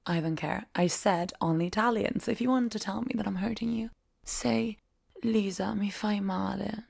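In a whispered role-play, a woman plays a strict, teasing Italian tutor, speaking slowly and domineeringly with soft laughs. Her voice is mid-range and gravelly.

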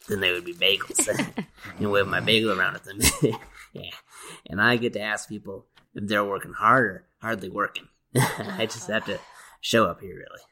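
Giggly low-voiced man in his thirties. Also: pushed and bright. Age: 30s. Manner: giggly, keeps laughing at his own jokes. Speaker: support group member. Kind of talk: comedy sketch acting.

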